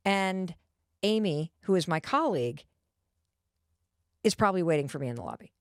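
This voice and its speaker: Lively woman telling a personal story. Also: lowish voice, moderate pace, long pauses, smooth, no room sound, studio quality. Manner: lively, animated and confiding. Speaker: host.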